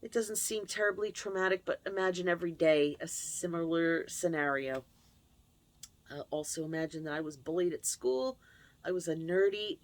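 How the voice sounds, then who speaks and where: A woman with a lowish, gravelly voice speaks in a dry recording made at her computer. The channel host shares a confessional personal story, candid and emotional.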